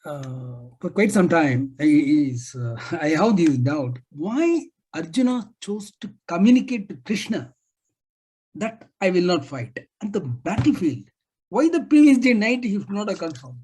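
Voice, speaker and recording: A man, a student asking a question in hesitant, halting phrasing. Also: high-pitched, big pitch swings, a little mellow, a little hiss or hum.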